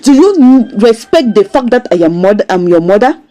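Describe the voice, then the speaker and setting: A woman's voice: mid-range voice, big pitch swings, brisk, dark tone, natural voice. A woman voicing an angry older mother who scolds and accuses her grown daughter in a recapped drama scene. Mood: scolding.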